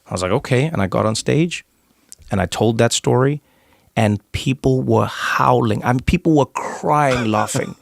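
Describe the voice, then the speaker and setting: A comedian with a South African accent, talking as a guest on a podcast. He tells his stories with animation, slipping into the voices of the people in them, at a middling pitch. The recording is close and dry. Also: normal speed, creaky, dry recording. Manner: animated storyteller who acts out the voices in his anecdotes. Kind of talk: casual interview storytelling.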